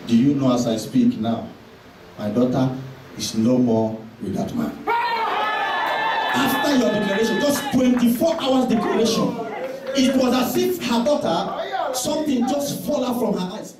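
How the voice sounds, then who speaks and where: A male pastor preaching an impassioned sermon with heavy repetition and shouted declarations. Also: high-pitched, a little slow, long pauses, a loud crowd. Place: church hall. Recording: echoey church hall, mic at a distance, congregation audible.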